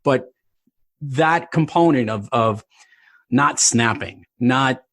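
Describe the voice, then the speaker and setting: A man's voice: mid-range voice, takes it slowly, a bit bright, no room sound. Man hosting a podcast, dry sound. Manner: thoughtful, rambling, with restarts. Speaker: podcast host. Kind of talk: conversational podcast interview.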